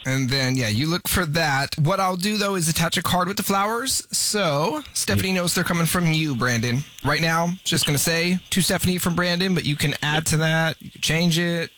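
A man's voice: moderate pace, few pauses, pushed and bright. A male radio host with a slightly raised voice runs a prank call. He talks like a friendly salesman, then turns blunt. It sounds like a radio broadcast. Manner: smooth salesman pitch, then blunt reveal.

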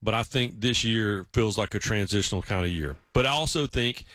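A man telling casual stories in a relaxed chat, acting out the voices of people he quotes. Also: lowish voice, a little fast, no echo. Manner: storytelling, acts out quoted voices.

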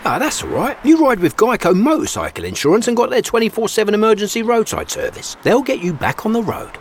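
A chipper, breezy ad helper. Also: male voice, high voice, very animated, fast, slight background noise. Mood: cheerful. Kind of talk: radio ad acting.

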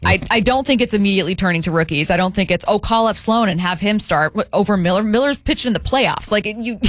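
A woman's voice: medium pitch, no echo. A woman co-hosting a casual sports talk show, giving firm opinions and often restarting her sentences. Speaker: co-host.

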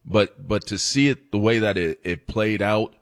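A man's voice: fairly low pitch, moderate pace, no echo, clean studio sound. A man co-hosting a sports talk show, rambling emphatically about a playoff series.

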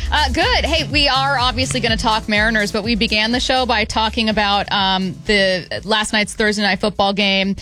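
A woman's voice: mid-range voice, fairly even intonation, moderate pace, hardly any pauses, bright, forceful tone, soft background music. A woman hosting sports radio, asking questions in a casual conversational way with fillers.

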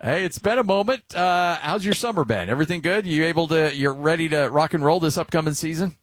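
A man's voice: on the high side, a little fast. A man in his forties hosting a sports radio show, chatting casually and telling stories about his teenage son. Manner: chatty, tells stories with lively quoted voices.

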